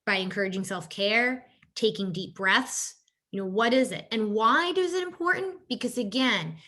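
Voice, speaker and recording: Presenting a workshop on caregiver stress, the health coach keeps things conversational with frequent "you know" and "right?" tags, voicing quoted exchanges at a higher pitch. She talks at a moderate pace, with lively intonation and a sharp tone.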